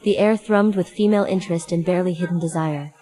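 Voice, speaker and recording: A woman narrating a first-person story in a steady, even manner. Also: on the low side, fast talker, low-quality recording.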